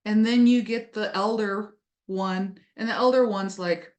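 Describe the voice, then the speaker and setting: A woman who hosts a casual astrology lesson, chatty and playful, slipping into little acted voices. Her voice sits at a middle pitch and carries a roomy echo. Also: fairly even intonation, a little slow, few pauses. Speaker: astrology teacher. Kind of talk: casual teaching talk.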